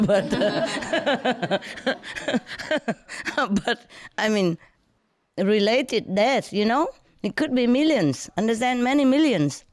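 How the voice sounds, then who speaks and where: Speaking English as a second language, this storyteller recounts a casual anecdote to a friend with broken grammar, frequent laughter and rising indignation, leaning on fillers such as "you know" and "yeah." The voice is mid-range, recorded dry at studio quality.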